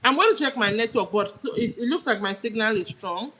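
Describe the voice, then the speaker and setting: A woman's voice: on the high side, animated, a little fast, a bit bright, husky, poor audio. A young woman from Nigeria hosting a casual live stream, chatting and greeting viewers by name while she eats. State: eating while talking. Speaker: livestream host.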